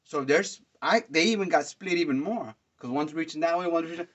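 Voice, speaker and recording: A man hosting a podcast, telling concert stories in a rambling, excitable way, full of fillers and slang. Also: a little high, fairly quick. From Dallas, Texas. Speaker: podcast host. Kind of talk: casual storytelling monologue. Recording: dull lo-fi sound.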